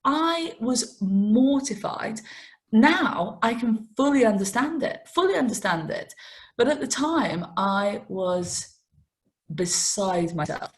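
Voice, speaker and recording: A woman, a racing TV presenter telling self-mocking, animated stories in an interview. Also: fairly high pitch, takes it slowly. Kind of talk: interview anecdotes.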